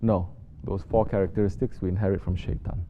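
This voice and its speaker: A sheikh giving a sermon, mostly soft-spoken and rising to sharp emphasis when he scolds. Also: deep voice, fairly even intonation, a little fast. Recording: dull lo-fi recording with faint noise.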